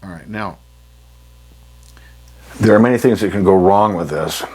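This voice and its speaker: A man teaching saxophone articulation, explaining in an unhurried way, often clearing his throat and pausing with ums. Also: deep voice. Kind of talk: instructional lesson.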